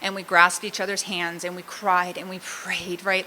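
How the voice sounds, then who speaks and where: Bright-voiced woman, candid and self-mocking. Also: fairly low pitch, flat delivery, normal speed, a little hiss or hum, poor audio. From Southern California. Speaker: recovery meeting speaker. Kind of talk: personal testimony.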